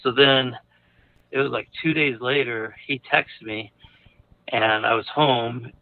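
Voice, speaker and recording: Speaking slowly in a steady, mid-range voice, a man shares something that happened to him, the sound thin and tinny. The confessional telling is halting and roundabout, peppered with fillers, restarts and uneasy laughs.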